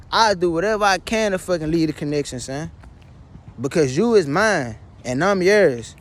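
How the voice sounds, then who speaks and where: A man talking straight to the camera in an emotional personal vlog, pleading and repeating himself, blunt and profane. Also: high voice. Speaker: vlogger.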